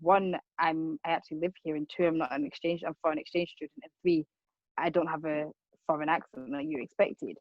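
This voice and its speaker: A woman's voice: sits low, fairly quick, creaky, dry recording, muffled recording. Earnest young woman. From Rwanda. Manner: earnest, circles back with repeated words and fillers. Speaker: speaker on racism. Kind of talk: personal account, casual talk.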